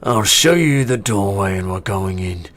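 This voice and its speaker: A man voicing a brash male orc adventurer in a tabletop game, loud and raised in pitch. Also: expressive, normal speed.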